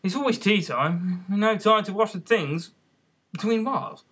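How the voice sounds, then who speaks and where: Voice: medium pitch, normal speed, fairly bright tone, husky, voice pushed up. A reader voicing the Hatter, a rude, quarrelsome man who grumbles and talks down to others, in an amateur audiobook. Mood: grumbling. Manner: grumbling and contemptuous.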